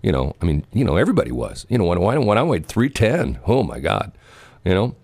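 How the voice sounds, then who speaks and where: Deep-voiced middle-aged guy hosting talk radio, rambles a lot, swings up and down, dry sound. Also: very animated, fairly quick, gravelly, darkish tone, dry recording. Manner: rambling, repeats himself, joking. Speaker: radio co-host. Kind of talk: casual banter on air.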